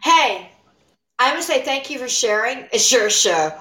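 A woman's voice: a little high, lively intonation, measured pace, pushed and bright, reverberant, poor audio. An American woman guesting on a podcast, chatting casually, laughing often and restarting her sentences. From United States. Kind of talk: casual chat.

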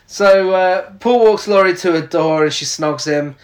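A man's voice: high-pitched, a little slow, reverberant. A man, casually recapping a film's plot on a podcast and laughing often. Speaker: podcast co-host. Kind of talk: casual film recap chat.

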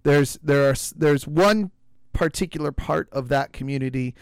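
A man with a slightly raised voice hosts a podcast talk, measured and thoughtful, pausing and restarting as he goes. The sound is dry and close, with no room around it. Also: a little high, clean tone, no echo. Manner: measured, reads scripture aloud, halting restarts. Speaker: podcast host. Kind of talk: casual religious discussion.

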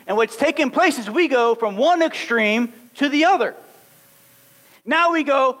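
A man preaching a sermon, animated and acting out little scenes as he talks. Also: extremely high pitch, measured pace.

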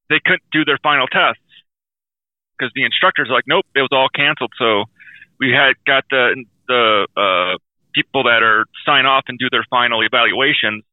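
A man's voice: mid-range voice, no room sound. A man co-hosting a podcast, chatting casually in a blunt, rambling way, often apologizing for what he says. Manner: blunt, rambling, self-deprecating. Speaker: podcast co-host. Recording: tinny phone-like sound.

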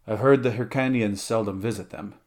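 A man reading aloud, voicing a brawny male barbarian warrior who talks bluntly and gruffly. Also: on the low side, brisk, a little mellow, close to an everyday voice. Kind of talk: audiobook character reading.

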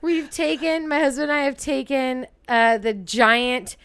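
A woman with a slightly high, clear voice, chiming in on a casual podcast with blunt, joking remarks and some swearing. She sounds close and dry. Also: a little slow, fairly bright tone, no room sound. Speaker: podcast co-host. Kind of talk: casual true-crime chat.

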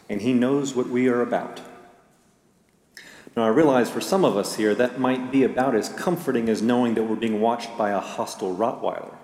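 A male pastor preaches a sermon at an ordinary middle pitch, reading scripture and telling stories in a measured way. His voice rings through a large church with a long, roomy reverb. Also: darkish tone. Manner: measured, storytelling delivery with a joke. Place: church sanctuary. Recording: echoey church hall.

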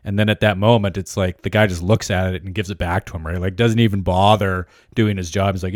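A man's voice: deep voice, brisk, few pauses, no echo, studio quality. A man co-hosting a podcast who discusses a book casually, hedging often and checking in with "right?". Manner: animated, hedging, full of "right?" and "like". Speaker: podcast co-host. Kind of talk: casual book review chat.

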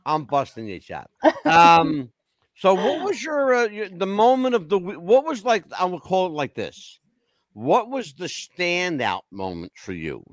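Casting: lively, higher-pitched male co-host, jokey and loud, dry close mic. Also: a little slow, no echo. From United States. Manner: animated, joking, loud laughs. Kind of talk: casual roundtable chat.

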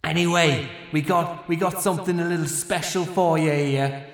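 A man's voice: a little high, fairly even intonation, normal speed, gravelly, voice pushed up. A man playing a swaggering male rock frontman talking to a stadium crowd in a tabletop game, with a slightly raised voice. The sound is echoey, with a long reverb. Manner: swaggering, loose and chummy with the crowd.

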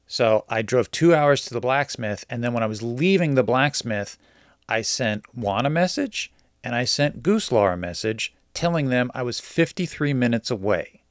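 A man's voice: medium pitch, normal speed, no room sound, studio quality. A man telling a story casually and with energy, acting out the lines of the people in it. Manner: animated, acts out quoted dialogue.

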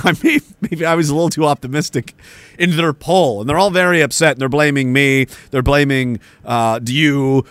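A Canadian man hosts a livestream from an indoor room by a woodpile, ranting sarcastically, swearing and laughing between remarks. His medium-pitched voice has a fairly bright tone, and the recording is dry.

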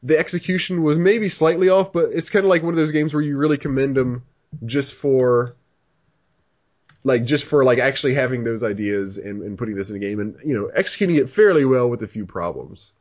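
A man's voice: medium pitch, a little fast, muffled recording. A man hosting a casual podcast chat with friends, rambling and laid-back, restarting his sentences often. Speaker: podcast host.

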